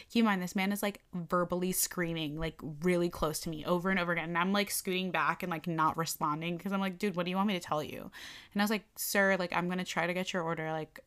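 A woman's voice: on the low side, quick pace, smooth. A young woman in casual conversation, animatedly retelling a bad day at work and acting out the quotes. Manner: animated, lots of "like", acts out quotes. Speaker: storyteller recounting a work incident. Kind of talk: casual chat.

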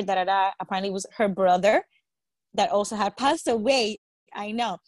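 Casting: woman, chatty storyteller, mid pitch, dry close mic. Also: a little fast, dry recording. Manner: animated storyteller, quotes others, swears, laughs. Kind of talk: casual storytelling chat.

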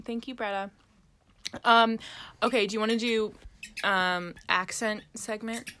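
A woman's voice: on the high side, steady tone, a little slow, bright, forceful tone. A woman co-hosting a podcast in casual chat, teasing and laughing often. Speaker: podcast co-host.

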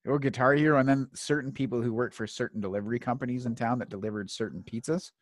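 A man telling stories in casual chat, animated and swearing, acting out quotes. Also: medium pitch, fast talker, no room sound, clean studio sound. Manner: animated, swearing storyteller who acts out quotes.

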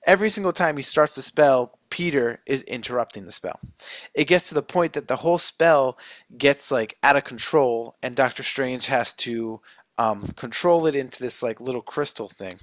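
A man talks through a film plot in a relaxed, chatty way, slipping into quoted lines with plenty of ums. The sound is dry and close, with no room around it. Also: mid-range voice, no echo. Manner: loose retelling with quick quoted lines and fillers. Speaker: co-host recapping a film. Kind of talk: casual film recap chat.

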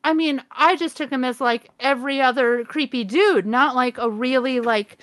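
A woman with a high voice weighs in on a film with wry, blunt remarks and easy swearing. She teases her co-host in a relaxed, conversational tone. The sound is dry and close. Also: moderate pace, no room sound. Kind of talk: casual movie review chat.

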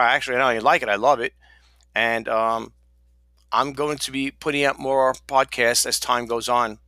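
A man's voice: medium pitch, gravelly, sharp tone, no room sound. A middle-aged man hosting his own podcast in a casual, rambling, chatty and self-deprecating way. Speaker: podcast host. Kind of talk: casual solo podcast talk.

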